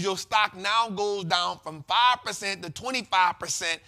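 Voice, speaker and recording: A man hosting a casual investing show, explaining market terms in slangy, repetitive, animated talk. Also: high-pitched, measured pace, soft background music. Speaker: host.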